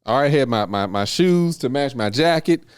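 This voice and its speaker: A man's voice: medium pitch, lively intonation, brisk, clean tone, no echo, clean studio sound. A man co-hosting a podcast, talking in a laid-back, wry and slangy way. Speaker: podcast co-host. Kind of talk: casual chat.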